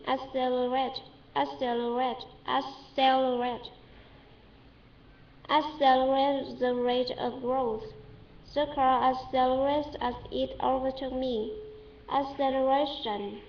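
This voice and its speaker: Vietnamese-accented woman reading a dictionary out loud, high voice, says every word a few times, echoey webcam audio. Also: vocal fry, muffled recording. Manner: halting, repeats each word several times, self-corrects. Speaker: English learner. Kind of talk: reading dictionary entries aloud for pronunciation practice.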